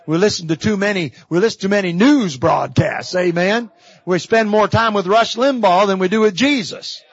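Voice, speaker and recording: A man's voice: high-pitched, moderate pace, no room sound, muffled recording. A middle-aged man preaching a sermon from a church pulpit, with folksy storytelling and emphatic repetition. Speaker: visiting evangelist preacher. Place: church sanctuary.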